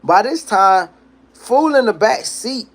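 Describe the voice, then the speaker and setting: Speaking slowly in a high-pitched voice, a young livestream host spins a long, profane tale with animated street flair, acting out the characters and quoting them as he goes.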